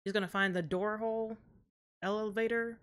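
A young woman hosting a reaction video, talking casually and trash-talking the characters loudly with plenty of swearing, recorded at home on a desk mic. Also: mid-range voice, normal speed. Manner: loud, profane, animated trash talk at the screen.

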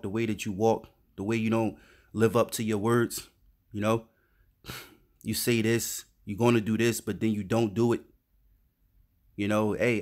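Dude with a lowish voice reading bible verses then breaking em down in slang, keeps saying man. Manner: reads verses then riffs in slangy street talk, says "man" a lot. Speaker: street preacher. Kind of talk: informal scripture teaching.

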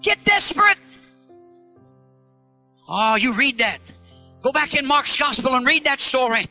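A male preacher giving a fiery revival sermon, telling a story and shouting out to the crowd. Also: very high-pitched, normal speed, soft background music, low-quality recording.

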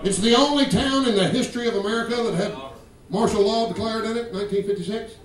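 A stand-up comedian with a Georgia accent, talking brash and profane and mimicking regional accents. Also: male voice, sits high, fast. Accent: Southern US, Georgia. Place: comedy club stage. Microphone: stage microphone. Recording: roomy live club recording from a distance. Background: audience laughter.

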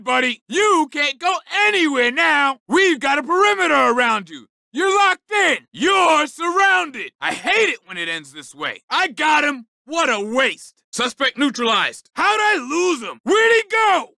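A man's voice: very high-pitched, big pitch swings, measured pace, vocal fry, few pauses, bright, forceful tone, no room sound, shouting, studio quality, heavily acted. A man voicing a short-tempered male police officer in a video game, barking insults and orders. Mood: commanding.

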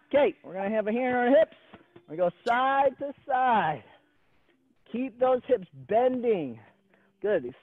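A man's voice: high voice, no echo. A male gymnastics coach leading an online class over a video call, upbeat and encouraging, counting reps aloud and joking with the kids. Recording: tinny phone-like video call audio.

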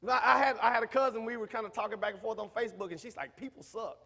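High-voiced preacher in a hall. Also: male voice, racing. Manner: preaching, rising to shouts, talkative, repetitive. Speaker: minister. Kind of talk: sermon. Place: church sanctuary. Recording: reverberant church hall.

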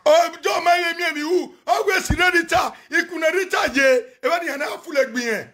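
A Nigerian man on a phone live video, ranting and chanting loudly, often shouting and switching between Pidgin and local languages. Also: extremely high pitch, a little fast. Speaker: social media personality on a live video. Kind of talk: animated live-stream rant and chanting.

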